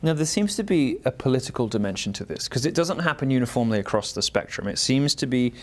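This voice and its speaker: A man interviewing in a studio, speaking in an articulate, measured and lightly wry way. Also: mid-range voice, animated. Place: broadcast studio.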